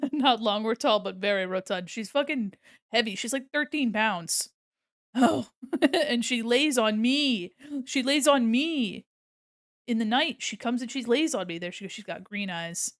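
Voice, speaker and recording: A woman's voice: fairly high pitch, no echo, clean studio sound. A young adult woman streaming casually while she draws, rambling and giggling often and swearing freely.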